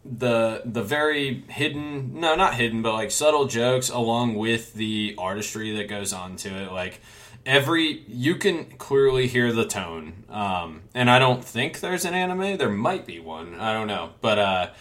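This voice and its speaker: Bright-voiced man rambling casually. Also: medium pitch, expressive, unhurried. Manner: rambling, hesitant restarts, casual swearing. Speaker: podcast co-host. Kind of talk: casual chat about a manga.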